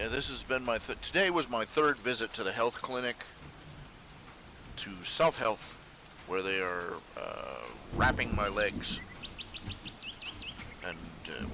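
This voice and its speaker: A webcomic artist streams live from his home computer, chatting casually with viewers in a rambling, hesitant way full of fillers and restarts. His voice sits a bit low, and a steady noise runs underneath.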